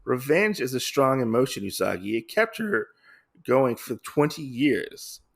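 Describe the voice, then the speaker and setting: A man voicing a weary male rhino bounty hunter, quiet and reflective, close to his own voice. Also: medium pitch, very animated, unhurried, creaky, full character voice. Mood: solemn.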